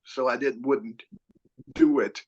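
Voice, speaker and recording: An older retired newscaster talks in a relaxed, conversational way as a podcast host. His mid-pitched voice comes through a dull, lo-fi recording. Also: slow pace. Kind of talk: casual chat. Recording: dull lo-fi sound.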